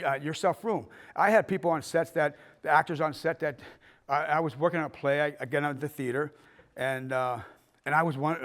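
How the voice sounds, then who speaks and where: A man's voice: fairly high pitch, a bit bright. An older man teaching a filmmaking class in a casual, rambling way, stumbling and restarting as he tells stories and acts out the people in them. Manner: rambling storyteller who acts out quoted people. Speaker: filmmaking instructor. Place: fine arts center hall with a class.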